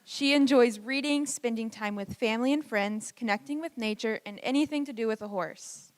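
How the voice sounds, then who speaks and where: A woman reading out a scripted introduction of a graduate at a ceremony, in a steady delivery. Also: a little high, normal speed. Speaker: ceremony announcer.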